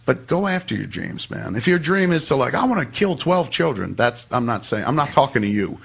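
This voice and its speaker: A podcast guest tells a personal story in casual chat, swearing freely and acting out what people said in animated fashion. His mid-range voice is brisk, creaky, and slightly rough.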